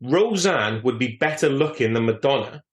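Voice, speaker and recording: A man with a mid-range voice recorded with a noticeable roomy echo. He co-hosts a film podcast in a blunt, jokey way and is quick to agree with the others. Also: mid-range voice, expressive. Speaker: podcast co-host. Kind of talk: casual film chat.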